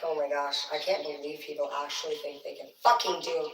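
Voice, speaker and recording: A woman doing a profane, comedic rant as an angry parent, swinging between muttering and shouting. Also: sits low, fairly even intonation, brisk, hardly any pauses, recorded from a distance, faint music behind. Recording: roomy sound from off-mic.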